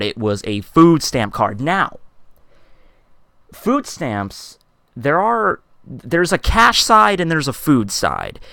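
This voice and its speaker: A man tells a story from behind a shop counter in an exasperated, profane rant, acting out the customers' lines as he goes. His voice sits at an ordinary pitch, and the recording is dry, with no room sound around it. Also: fairly bright tone, clear, resonant tone, no echo. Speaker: vlogger.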